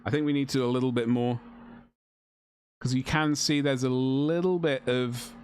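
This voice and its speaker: A man's voice: mid-range voice, fairly even intonation, moderate pace, a little mellow. A man chatting casually to a live-stream audience while painting miniatures, joking with mock outrage.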